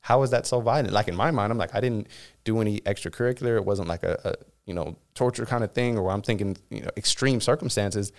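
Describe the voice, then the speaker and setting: A man in his thirties from California, a guest telling his story candidly in an interview, with many fillers and restarts. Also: lowish voice. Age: 30s. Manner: rapid, frequent "you know" fillers and restarts.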